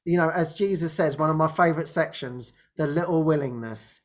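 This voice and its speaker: A man's voice: a little high, brisk. A man hosting a spiritual group talk, often restarting his sentences, laughing and acting out quoted speech. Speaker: host.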